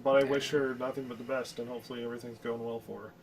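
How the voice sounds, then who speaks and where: A man's voice: medium pitch, little pitch movement, racing, a crowd in the background. A man co-hosting a casual podcast with dry, sarcastic jokes. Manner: wry, sarcastic, joking. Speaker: podcast co-host.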